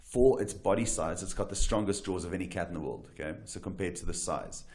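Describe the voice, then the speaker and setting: Low-voiced man telling safari stories. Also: fairly quick. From South Africa. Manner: animated storyteller, frequent restarts and "right?". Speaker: wildlife guide and photographer, guest. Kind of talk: casual storytelling interview.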